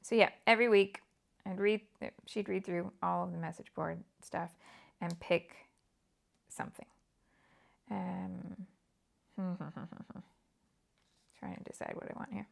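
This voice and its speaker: A woman with a British accent hosting a live scrapbooking stream. She chats casually and drops into soft, half-whispered asides to herself as she works. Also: medium pitch, unhurried, gravelly, long pauses. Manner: chatty, muttering half-whispered asides to herself while working. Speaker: scrapbooking livestream host. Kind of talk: casual live crafting chat.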